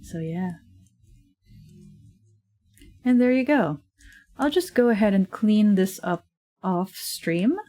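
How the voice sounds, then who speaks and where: A woman who streams and makes digital art chats casually on a livestream while she draws, rambling, full of fillers and laughing often, at a desk microphone in her home. Her mid-range voice has lively intonation, a warm tone and a measured pace, with faint music in the background.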